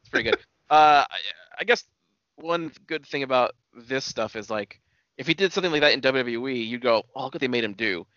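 A man's voice: mid-range voice, a little fast, fairly bright tone, no echo. A man co-hosting a casual podcast, laid-back and swearing as he chats. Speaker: podcast co-host. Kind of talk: casual wrestling chat. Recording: dull, lo-fi dry sound.

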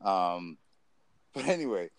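A man's voice: low-pitched, very animated, slow, vocal fry, dry recording. A man co-hosting a podcast, telling a rambling story with frequent laughs in a casual chat. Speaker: podcast co-host.

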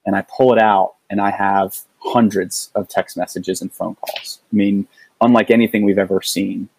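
Earnest, halting man with a low voice. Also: fairly even intonation, gravelly, a little mellow, slight background noise, poor audio. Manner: earnest, halting, with frequent restarts. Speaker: guest. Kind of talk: casual storytelling.

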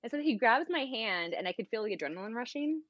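A woman's voice: on the high side, expressive, fast, dry recording, muffled recording. A young American woman, a podcast guest, telling a long personal story in casual chat. She talks animatedly, acts out the dialogue she quotes and says "like" often.

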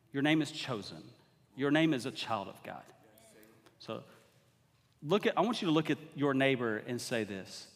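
A man preaching a sermon as guest preacher, talking conversationally and building to emphatic exhortation. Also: medium pitch. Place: church sanctuary. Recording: long hall reverb.

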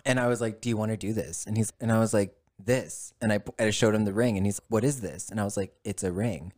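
A man's voice: lowish voice, steady tone, brisk, darkish tone. A man guest in casual conversation, telling a story with plenty of swearing and acting out both sides of the dialogue. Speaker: podcast guest.

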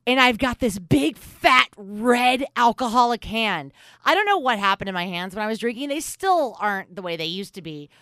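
A woman's voice: medium pitch, fairly bright tone, clean tone, no room sound, clean studio sound. A woman hosting a recovery podcast, talking in a candid, self-mocking, rambling way. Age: adult in recovery. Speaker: podcast host. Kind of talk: casual chat.

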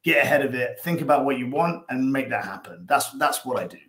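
A man's voice: medium pitch, lively intonation, a little fast, fairly bright tone, reverberant. A man with an Irish accent, a guest on a casual podcast, talking in a rambling way, stumbling over repeated words and acting out little scenes. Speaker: guest, dog behaviour coach.

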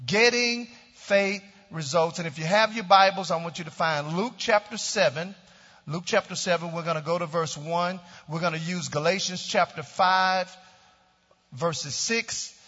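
A man's voice: high-pitched, moderate pace, sharp tone. A man preaching a sermon as pastor, leading his congregation in call-and-response declarations. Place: church sanctuary. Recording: dull lo-fi church hall recording with long reverb.

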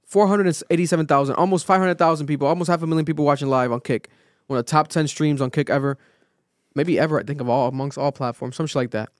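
A male podcast host in casual chat, telling a story with lively acted-out quotes and plenty of swearing. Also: a little high, quick pace, no room sound, clean studio sound. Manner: animated storytelling, acts out quotes, swears freely.

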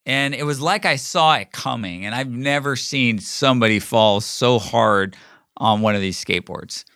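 Recording solo for his podcast, a middle-aged man meanders through a casual anecdote, stopping and restarting and leaning on fillers. His mid-range voice sounds bright and forceful at a moderate pace, captured dry in a clean studio.

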